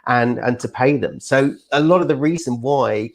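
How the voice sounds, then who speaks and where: A man's voice: mid-range voice, normal speed. A middle-aged man, a publisher, speaking in a casual chat, rambling with many repeats and fillers. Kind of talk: casual video-call chat.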